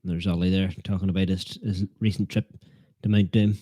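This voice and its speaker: A man's voice: low-pitched, flat delivery, brisk, dark tone, no echo. Joking man hosting a football watchalong. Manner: joking, self-deprecating, teasing viewers. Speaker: fan channel host. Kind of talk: live football watchalong chat.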